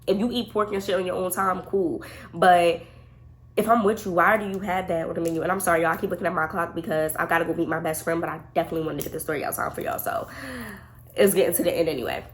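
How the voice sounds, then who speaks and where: A young woman vlogger telling a dating story in casual chat, animated and profane, talking to her viewers as y'all. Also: fairly low pitch, fast, slight background noise.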